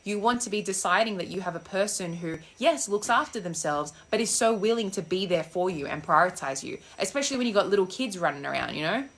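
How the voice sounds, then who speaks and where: Her mid-range voice is fairly bright and lively in intonation, racing along with hardly any pauses. The young woman, a manifestation coach, walks outdoors with her phone in hand, answering live-stream comments in a casual, sassy, blunt way and swearing freely.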